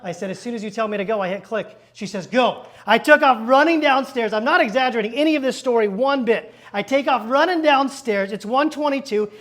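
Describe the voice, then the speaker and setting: A man with a very high-pitched voice preaches by storytelling. He acts out each exchange in animated bursts and throws quick asides to the congregation from a church stage. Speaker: pastor. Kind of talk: storytelling sermon.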